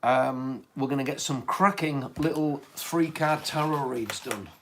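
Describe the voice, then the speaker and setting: A man with a Hull accent co-hosting a casual live-stream chat, animated as he tells stories and thanks viewers. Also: mid-range voice, a little slow, background noise. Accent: East Yorkshire, Hull. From England. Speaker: podcast co-host, tarot reader.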